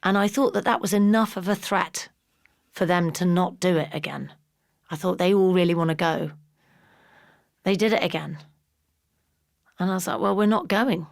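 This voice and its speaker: A middle-aged woman from England talks in a relaxed podcast chat. She tells her stories with energy and slips into other people's voices whenever she quotes them. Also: fairly low pitch, gravelly. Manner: animated storyteller, acts out voices in quotes. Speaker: guest. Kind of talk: casual podcast conversation.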